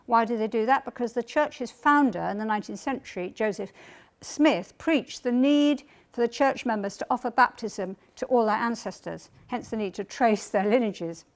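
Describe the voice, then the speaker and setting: Woman, lecturer, measured storytelling, reads quotes aloud, slightly high voice. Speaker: historian giving a book talk. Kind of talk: public lecture.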